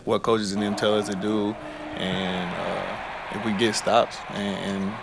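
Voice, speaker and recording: A man's voice: lowish voice, measured pace, vocal fry, heavy background noise. A young man who plays college basketball answers interview questions with lots of fillers. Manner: flat, filler-heavy. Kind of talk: interview soundbite.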